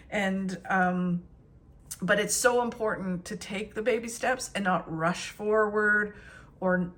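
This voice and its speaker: Middle-aged woman, tarot reader, chatty and encouraging, unscripted, mid-pitched. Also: fairly even intonation, a little slow, fairly bright tone. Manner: chatty, encouraging, many fillers and restarts. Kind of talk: casual spoken tarot reading.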